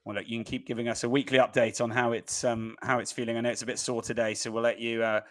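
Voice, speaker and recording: Man, podcast host, mid-pitched voice, chatty, asks lots of questions, casual rugby chat. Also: level tone, fast talker. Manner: chatty, prompting questions with restarts.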